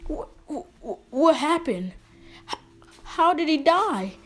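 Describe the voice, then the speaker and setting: A woman's voice: medium pitch, measured pace, lightly acted. Naruto, as a woman puts him on. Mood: panicked. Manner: stammering when shaken, cocky when calm. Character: young boy ninja, brash and strong.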